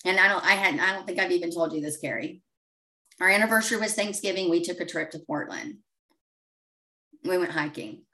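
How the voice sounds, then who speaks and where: Client testimonial: woman, lower voice, heartfelt storyteller, slightly distant mic. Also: a little fast, long pauses, bright, forceful tone. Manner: open, emotional storytelling. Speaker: coaching client. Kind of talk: testimonial interview.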